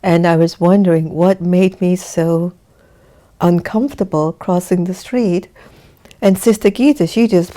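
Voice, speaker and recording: A woman spiritual teacher who talks chattily to her audience and then turns to slow, calm teaching about dreams and meditation. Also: lowish voice. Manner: chatty storytelling that slows into calm, unhurried teaching; addresses her audience directly, inviting them to share and take part. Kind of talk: casual talk and meditation teaching.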